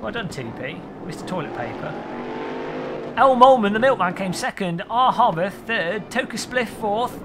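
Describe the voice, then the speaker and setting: A man livestreams a sim race, chatting, joking, and reading viewer names out from chat as he drives. His high voice is expressive, and he talks at a moderate pace. There's a noisy background behind him.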